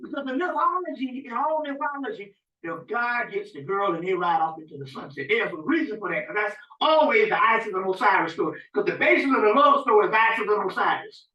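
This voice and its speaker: A man giving a rambling, animated informal spiritual lecture to a small audience, often checking in with his listeners. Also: high voice, quick pace, hardly any pauses. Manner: rambling, animated, often asks "you see what I'm saying". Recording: dull, echoey room recording from a distance.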